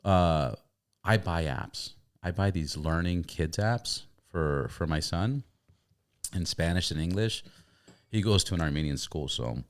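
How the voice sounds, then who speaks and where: A man's voice: low voice, a little slow. A middle-aged man hosting a casual conversation, telling stories animatedly and repeating words as he starts his sentences.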